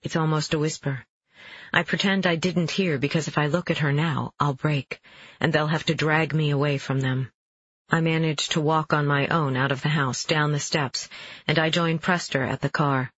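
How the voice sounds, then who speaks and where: Husky male audiobook narrator. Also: fairly high pitch, steady tone, moderate pace, a bit bright, no room sound. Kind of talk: first-person novel narration. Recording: dull lo-fi dry recording.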